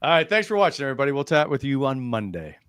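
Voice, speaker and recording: A man's voice: mid-range voice, sing-song, very fast. A man hosting a casual post-game hockey show, asking easygoing questions and laughing along. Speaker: host, interviewer.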